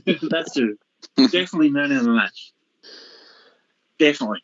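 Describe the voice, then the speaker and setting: A man calling into a radio show, excited and upbeat. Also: medium pitch, unhurried, dry recording. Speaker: caller. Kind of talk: casual phone-in chat. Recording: noisy dull phone line.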